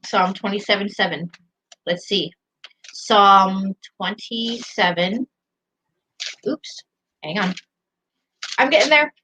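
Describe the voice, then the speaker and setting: A woman's voice: medium pitch, slow pace, long pauses, pushed and bright, rough recording. A woman co-hosting a casual morning livestream, giggly, playful and self-deprecating. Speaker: co-host.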